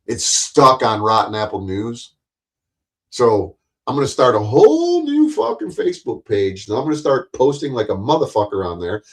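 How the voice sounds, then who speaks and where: Man, livestream host, profane, combative, mocking rant, medium pitch. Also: huge pitch swings, normal speed. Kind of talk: ranting live stream monologue.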